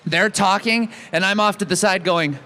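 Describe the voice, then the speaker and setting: A man's voice: high voice, moderate pace, bright, forceful tone. An American man joking and rambling as a guest on a convention panel stage. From United States. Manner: playful, joking, rambling with restarts. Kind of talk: casual convention panel banter. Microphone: handheld mic with stage monitor.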